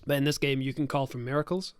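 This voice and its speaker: A young man hosting a casual podcast, retelling a tabletop session in a loose, rambling way with plenty of swearing and restarts. His voice is smooth and clean, and it sits close and dry with almost no room sound. His pitch lands in an ordinary middle register. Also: fairly even intonation, quick pace, dry recording. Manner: rambling, profane storytelling with many self-corrections. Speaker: podcast host and game master.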